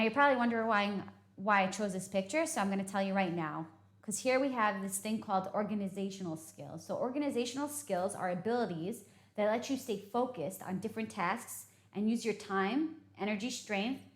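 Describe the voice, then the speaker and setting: A woman teaching English vocabulary, explaining patiently and often checking in with "okay?". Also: mid-range voice. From United States. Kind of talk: vocabulary lesson. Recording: echoey room.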